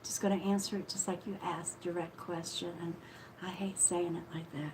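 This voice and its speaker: A woman hosts a live psychic reading stream, speaking in a soft, affectionate tone and calling viewers sweetheart. She often apologizes and trails off mid-thought. The audio is a noisy live-stream recording with a clear hiss underneath. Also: fairly low pitch, little pitch movement, normal speed. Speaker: psychic reader.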